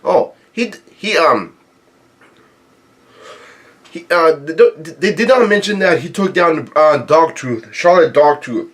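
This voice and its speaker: A man's voice: a little high, lively intonation, slow pace, long pauses. A man reading a comic chapter aloud and commenting casually, often stopping to think and correct himself mid-sentence. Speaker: manga reader reacting to a new chapter. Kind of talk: casual read-along commentary.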